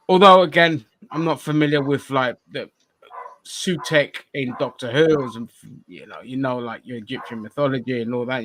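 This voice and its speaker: A man hosts a casual review chat in a dry, close-sounding space. He rambles loosely, circling his points and dropping the odd casual swear. His pitch sits in an ordinary middle range. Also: fairly bright tone, dry recording. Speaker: podcast host.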